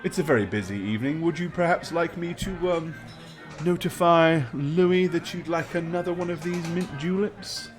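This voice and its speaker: A man's voice: fairly high pitch, moderate pace, faint music behind, pitched above the performer's own voice, lightly acted. A man doing a polite, hesitant waiter. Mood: deferential. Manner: hesitant, formal, deferential. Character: polite deferential male club waiter.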